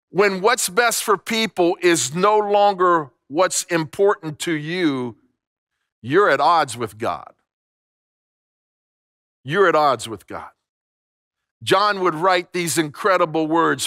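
A man's voice: a little high, takes it slowly, a bit bright, dry recording, clean studio sound. A middle-aged man preaching a sermon as pastor, emphatic, repeating phrases and restarting words. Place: church sanctuary.

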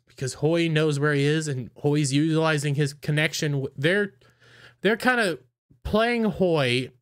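Casual male anime reviewer, mid-pitched, rambling recap with acted-out character lines. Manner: rambling, filler-heavy, acts out characters' lines.

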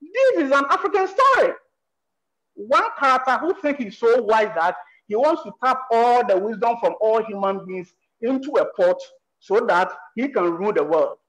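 A screenwriter with a Ghanaian accent speaks on a panel discussion. The voice sits at a middle pitch and swings up and down a great deal. The delivery is emphatic, with rhetorical questions thrown at the listeners. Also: expressive, normal speed, a bit bright, rough recording.

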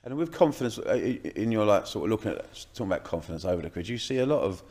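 A man's voice: on the low side, animated, very fast, a little mellow. A man hosting a podcast, telling stories in a blunt, rambling way and swearing freely. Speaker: podcast host. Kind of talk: casual storytelling monologue.

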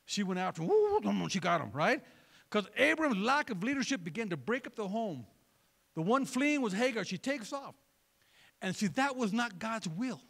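A man's voice: high-pitched, big pitch swings, moderate pace, vocal fry, a bit bright. A male pastor preaching a sermon in a conversational, joking way, often asking the congregation to respond. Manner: conversational, joking, asks the crowd for replies.

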